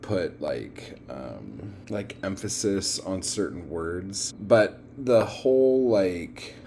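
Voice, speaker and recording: A man hosting a watchalong, talking casually and bluntly with plenty of swearing and filler words. His voice sits somewhat low and his pace is unhurried. Faint room noise hangs behind him. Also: expressive, gravelly, a little mellow. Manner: blunt, profane, rambling with many fillers. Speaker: watchalong host. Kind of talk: casual reaction commentary.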